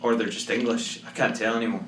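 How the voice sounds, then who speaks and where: A man's voice: lowish voice, fairly even intonation, quick pace, fairly bright tone. A Scottish man co-hosting a podcast, teasing his co-host with dry, sweary humor. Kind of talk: casual banter. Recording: roomy echo, far from mic, faint hum.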